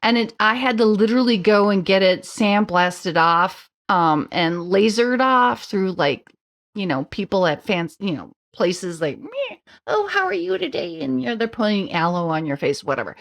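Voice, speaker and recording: A middle-aged woman appears as a podcast guest, telling her story in a casual chat. Her voice sits at a medium pitch, and she slips in animated asides and quick mimicked voices.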